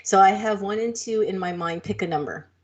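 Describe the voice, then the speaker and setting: A woman's voice: mid-range voice, brisk. A woman co-hosting a podcast in casual chat, talkative, laughing easily and telling rambling stories. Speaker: podcast co-host.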